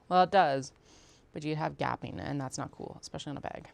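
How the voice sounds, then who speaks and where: Casual craft streamer, a woman with a low, gravelly voice, muttering and narrating her sewing steps. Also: brisk, slight background noise. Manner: chatty, talks herself through steps, mutters and swears casually. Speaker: sewing livestream host. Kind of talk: casual chat while sewing.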